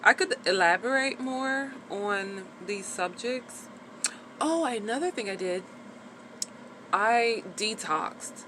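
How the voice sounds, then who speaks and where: A woman's voice: medium pitch, animated, slow, pushed and bright, slight background noise. A woman talking frankly in a casual personal vlog, chatty and full of "like" fillers, with the odd swear word. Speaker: vlogger sharing her recovery after birth.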